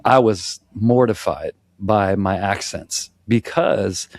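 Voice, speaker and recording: An American podcast co-host talks rhythm in a casual discussion, counting beats and vocalizing rhythms aloud with frequent restarts. His lowish voice is slow and dry, with no echo.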